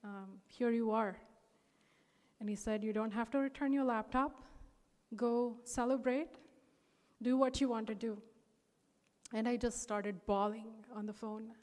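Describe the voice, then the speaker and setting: A woman's voice: on the high side, fairly even intonation, measured pace, pauses often, a little mellow. Earnest young woman in a reverberant hall. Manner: earnest, emotional storytelling with many fillers. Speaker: speaker sharing a personal testimony. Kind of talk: personal testimony at a devotional gathering. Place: large hall.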